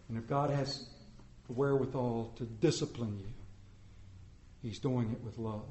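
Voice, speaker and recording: A man preaching a sermon, telling a story that swells loud and then drops to quiet prayer. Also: medium pitch, steady tone, normal speed, noisy background. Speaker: pastor. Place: church sanctuary. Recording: echoey church room.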